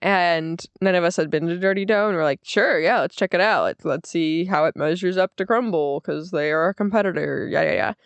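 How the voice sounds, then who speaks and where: A woman's voice: a little fast, hardly any pauses, clear, resonant tone, no room sound, dull audio. Giggly young American woman telling a story. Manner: giggly, acts out quotes in a higher voice. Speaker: podcast host. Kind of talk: casual storytelling chat.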